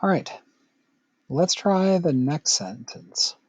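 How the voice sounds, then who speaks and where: A man's voice: fairly high pitch, expressive, takes it slowly, breathy edge, no echo, dull audio. A middle-aged man teaching a recorded Latin grammar lesson, patient and playful, with joking asides to the student.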